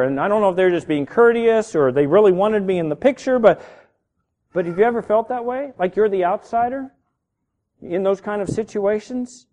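A middle-aged man pastor preaching a sermon, animated and building to shouts on key words. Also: sits high, moderate pace. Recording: reverberant hall.

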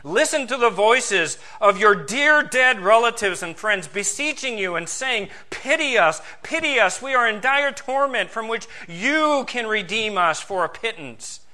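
A man voicing a fiery medieval preacher who loudly implores his listeners in a declamatory way. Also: sits high, exaggerated voice. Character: fiery medieval male indulgence preacher, pleading.

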